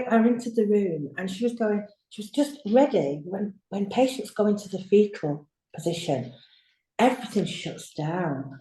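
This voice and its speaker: A woman nurse tells her story in a lively, chatty way, acting out her own lines as she goes. Her voice is mellow and warm. It comes over a video call from a roomy, echoey space. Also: mid-range voice. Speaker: nurse guest.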